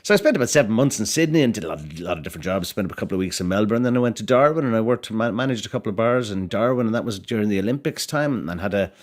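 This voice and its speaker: A man's voice: on the low side, animated, very fast, hardly any pauses. An Irish man in his forties, a podcast guest telling his life story in a rambling, self-correcting way. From Ireland. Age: 40s. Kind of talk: casual life-story chat.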